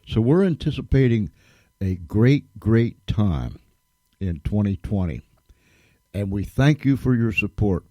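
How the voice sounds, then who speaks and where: A man's voice: lowish voice, expressive, measured pace, mellow, dry recording. A man hosting a radio show, thanking listeners in a folksy, emphatic way and repeating himself for stress. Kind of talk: casual radio talk.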